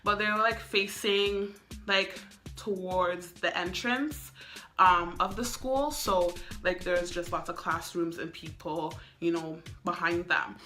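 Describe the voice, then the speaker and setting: A young woman tells a story in a loose, chatty way, leaning on "like" and "um." Her voice sits a bit low but has a bright, forceful edge. Faint music plays behind her. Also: takes it slowly. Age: young adult. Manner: chatty, full of "like" and "um" fillers. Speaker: vlogger. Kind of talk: casual storytime.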